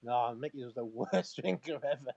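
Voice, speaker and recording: A man's voice: mid-range voice, normal speed, gravelly, darkish tone, no room sound, highs cut off. A man, a former footballer, telling casual stories as a guest, laughing often and acting out quoted dialogue between restarts and fillers. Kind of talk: casual storytelling on a live talk-in.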